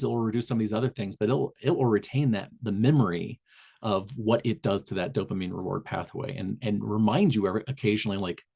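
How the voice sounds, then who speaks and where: A man's voice: fairly low pitch, creaky, a little mellow, slightly rough. A man with a Southern Indiana accent, a public health trainer speaking on a video call webinar, talking loosely with many fillers and restarts. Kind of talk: webinar presentation.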